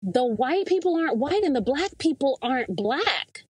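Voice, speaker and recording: A woman from the American South, a podcast interview guest, telling a personal story with lively acted-out dialogue. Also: high voice, moderate pace, no room sound, rough recording. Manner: animated storyteller, acts out quoted dialogue.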